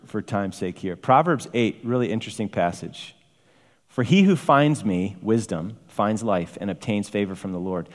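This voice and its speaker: A man preaching a sermon with emphatic, varied delivery, rising to exclamations. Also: lowish voice. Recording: long hall reverb.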